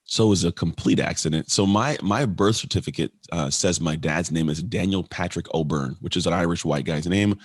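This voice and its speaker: A man in his late thirties from California, a podcast guest telling his life story in an animated way and acting out the voices of people he quotes. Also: low-pitched, fairly quick, hardly any pauses, husky, no echo, clean studio sound. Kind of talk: storytelling in an interview.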